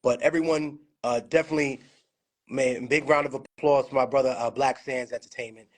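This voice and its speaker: A man's voice: mid-range voice, fairly even intonation, a little fast, noisy background. A man hosting a casual livestream from his home studio, talking over a phone with a loose, profane storytelling manner, slurring at times from a bad connection. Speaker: livestream host.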